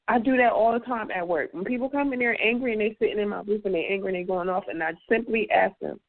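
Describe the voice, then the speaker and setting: A woman's voice: medium pitch, quick pace, hardly any pauses. Earnest woman over a tinny phone line. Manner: earnest and opinionated. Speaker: roundtable panelist. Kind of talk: casual radio panel chat.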